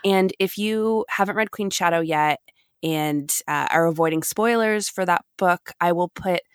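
A woman's voice: on the low side, unhurried, smooth, no room sound, clean studio sound. A young woman co-hosting a podcast, chatting in an upbeat, enthusiastic way. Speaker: podcast co-host. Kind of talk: casual podcast chat.

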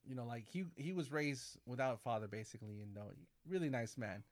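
Catholic priest in his forties, animated storyteller. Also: medium pitch, brisk. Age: 40s. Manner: animated storyteller, acts out quoted dialogue, says "man" and "baby". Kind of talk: casual conversation.

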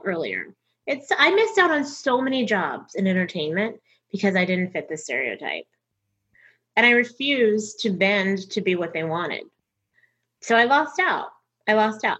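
Slightly rough and a little high, her voice comes through dull audio. She's a middle-aged comedian and voice actor from North Texas, talking candidly in an interview and animatedly acting out others' lines while telling stories.

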